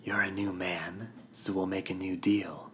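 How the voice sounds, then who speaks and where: A man voicing a cold, amused female inquisitor in a low, menacing whisper while narrating a story. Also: flat delivery, a little slow, a bit bright, slight background noise. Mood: coldly amused. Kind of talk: narrated audiobook acting. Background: background music.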